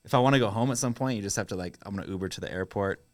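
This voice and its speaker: Laid-back low-voiced man chatting on a podcast. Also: racing, dry recording. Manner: loose, rambling, laughs often. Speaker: podcast participant. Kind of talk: casual podcast chat. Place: podcast studio. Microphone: studio microphone and headphones.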